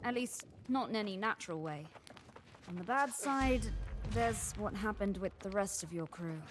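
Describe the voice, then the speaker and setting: A woman voicing a weary guide on a cursed island in video game dialogue, speaking in a calm, rueful, matter-of-fact way. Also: mid-range voice, normal speed, natural voice. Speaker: game character guiding the player.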